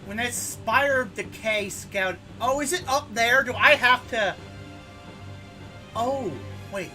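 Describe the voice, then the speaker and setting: A man's voice: very high-pitched, slow pace, pushed and bright, soft background music. A man streaming a game and chatting casually in a sarcastic, rambling way. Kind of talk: casual gaming commentary.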